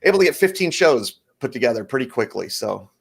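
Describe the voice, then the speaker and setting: A man's voice: mid-range voice, a little fast, vocal fry, husky. Forties male comic, easygoing storyteller, mid-range voice, interview guest. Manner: animated storyteller, acts out bits. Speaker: stand-up comedian guest. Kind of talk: stand-up set then casual interview.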